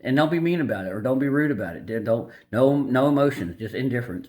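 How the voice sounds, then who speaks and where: Speaking fast and animatedly in a mid-range voice with a darkish tone, a man hosts a video about a dating-advice book. He sums it up casually and unscripted, blunt and opinionated, rambling with many fillers and restarts.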